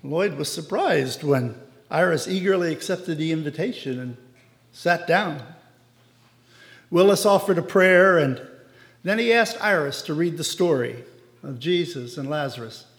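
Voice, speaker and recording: Slow high-voiced man reading a story. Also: lively intonation, gravelly, in a large hall. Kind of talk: reading a devotional story aloud.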